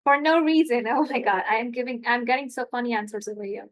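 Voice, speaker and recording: A woman's voice: on the high side, quick pace. A young adult woman tutor giving a live online English lesson, chatty and explanatory with many asides.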